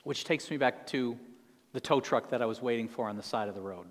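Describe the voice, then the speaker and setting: Earnest preacher in a reverberant sanctuary. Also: male voice, mid-range voice, brisk. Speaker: pastor. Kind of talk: sermon.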